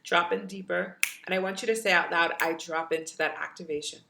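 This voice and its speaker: A woman's voice: lowish voice, fairly even intonation, fairly quick, creaky, noisy background. A woman spiritual coach leading a live online guided meditation and activation, effusive, with chant-like repetitions.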